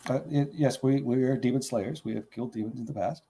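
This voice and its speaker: A courteous but nervous demon slayer, played by a man at the table trips over his words. The voice is dark, husky and full of gravelly fry. His speech stays formal and stiff. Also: medium pitch, steady tone, fast talker. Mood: earnest. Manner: stammering, formal, polite. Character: polite male demon slayer, nervous diplomat.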